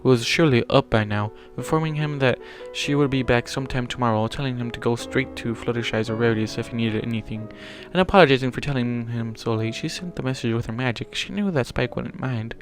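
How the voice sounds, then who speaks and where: A man's voice: mid-range voice, quick pace. Man reading a story aloud, self-correcting. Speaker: fanfiction reader. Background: faint music.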